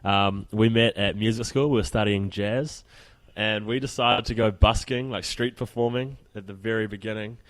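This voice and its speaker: A man with a New Zealand accent, a band's drummer, telling the band's story in a relaxed way. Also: on the low side, normal speed. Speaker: band drummer, guest. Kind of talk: casual storytelling in interview.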